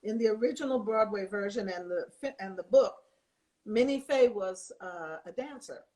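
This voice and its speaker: An older woman telling lively stories in a casual chat, acting out the people she quotes. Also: mid-range voice, normal speed. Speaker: guest.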